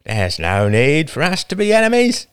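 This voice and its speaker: A man's voice: a little high, huge pitch swings, normal speed, smooth, no room sound, studio quality, pitched above the performer's own voice. A man doing a lisping, menacing younger boy. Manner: easy-going tone with a threatening edge. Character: menacing younger teenage boy with a slight lisp.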